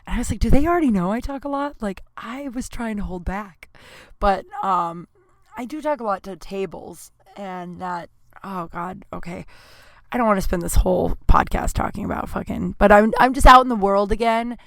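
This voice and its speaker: A woman's voice: medium pitch, normal speed, gravelly, a bit bright, dry recording. Candid rambling woman podcaster, dry mic. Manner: rambling and candid, many fillers, swears, self-deprecating asides. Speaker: podcast host. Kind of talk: casual solo podcast monologue.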